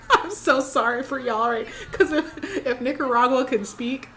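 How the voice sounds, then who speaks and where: A woman's voice: high voice, a little slow, sharp tone, a little hiss or hum. Sassy woman doing pageant reaction commentary. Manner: sassy, playful, laughs often.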